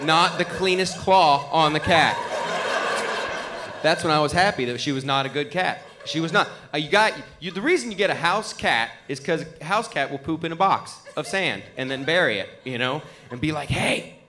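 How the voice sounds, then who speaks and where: A male stand-up comedian telling a story with lively, animated delivery and laughing asides. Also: on the high side, normal speed. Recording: live club recording.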